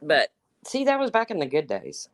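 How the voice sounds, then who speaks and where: A woman's voice: deep voice, huge pitch swings, normal speed. A woman hosting a casual livestream, chatting and teasing as she answers viewers by name. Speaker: livestream host. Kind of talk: casual livestream chat reading viewer comments.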